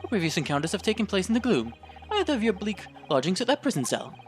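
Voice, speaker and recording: A woman's voice: medium pitch, very animated, fast talker, faint music behind, voice pushed up, close to an everyday voice. Woman doing a pompous eccentric detective. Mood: airy. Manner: grand, airy and theatrical.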